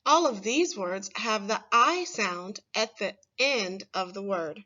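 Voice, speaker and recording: A woman teaching a phonics lesson to first graders, saying each word slowly and clearly for the children to repeat. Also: mid-range voice, lively intonation, sharp tone, lo-fi sound. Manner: slow, clear, stressing single words for children to repeat.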